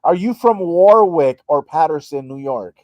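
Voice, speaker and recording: A man's voice: fairly high pitch, expressive, unhurried, lo-fi sound, crowd noise. A man in a casual group chat on a video call, teasing and ribbing the others playfully.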